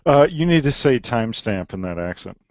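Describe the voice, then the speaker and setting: A man co-hosting a podcast who talks in a hesitant, low-key way. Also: big pitch swings, brisk, a little mellow, no echo, highs cut off. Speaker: podcast co-host. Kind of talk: casual chat.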